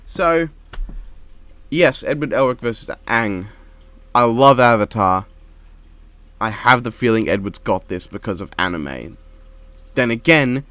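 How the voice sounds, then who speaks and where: Quiet monotone man, dry close sound. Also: mid-range voice, measured pace, long pauses, dry recording. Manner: quiet monotone delivery, rambling with restarts. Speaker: reaction video creator. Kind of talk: casual reaction commentary. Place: home. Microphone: desk microphone.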